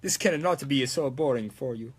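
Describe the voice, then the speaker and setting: A man's voice: medium pitch, moderate pace, slight background noise. A young man chatting casually and playfully as he builds a prop, now and then breaking into mock-Italian exclamations. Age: young adult. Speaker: prop-making streamer. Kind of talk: casual chat while crafting.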